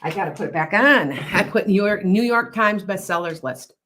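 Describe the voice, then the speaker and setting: A woman's voice: medium pitch, animated, normal speed, a bit bright, slight background noise. A woman hosting a psychic podcast, chatting casually and rambling, often repeating herself and answering viewers' comments. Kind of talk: casual live-stream chat.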